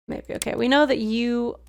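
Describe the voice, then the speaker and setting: A woman's voice: on the high side, gravelly, slight background noise. A woman streaming a video game, casually musing aloud to herself and laughing at her own guesses. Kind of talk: casual gameplay commentary.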